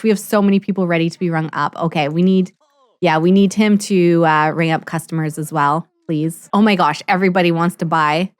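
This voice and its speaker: A woman's voice: lowish voice, no echo, clean studio sound. Chatty woman narrating a life-sim game. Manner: chatty and excitable, quick laughs and mock outrage. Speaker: let's play host. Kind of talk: casual gameplay commentary.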